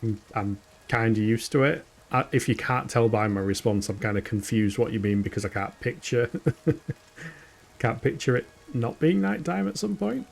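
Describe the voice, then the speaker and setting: A man from the UK with a northern English accent streams a game, giving casual commentary in a chatty, self-mocking way and laughing often. His gravelly voice sits at medium pitch, animated and at a moderate pace.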